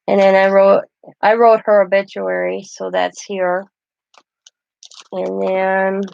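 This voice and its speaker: In a relaxed craft vlog, a woman with a medium-pitched, darkish voice and vocal fry chats and rambles through stories with laughter as she shows off her keepsakes. She hosts the channel, and the audio sounds dull.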